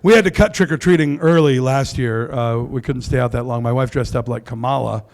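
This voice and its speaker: A man's voice: medium pitch, a little fast, darkish tone. A man doing a stand-up comedy set on a club stage into a handheld mic, brash and crude with self-mocking punchlines.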